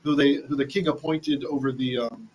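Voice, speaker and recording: A man's voice: mid-range voice, steady tone, normal speed, darkish tone, breathy edge, low-quality recording. A man teaching a casual Bible lesson, chatty, often restarting and asking "right?", reading Hebrew with an Ashkenazi accent. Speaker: Torah teacher.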